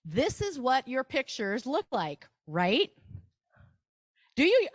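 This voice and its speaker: A woman's voice: high-pitched, wildly swooping pitch, slow pace, no echo, studio quality. A woman with a Wisconsin accent giving a live workshop presentation, chatty, with asides and rhetorical questions to the audience.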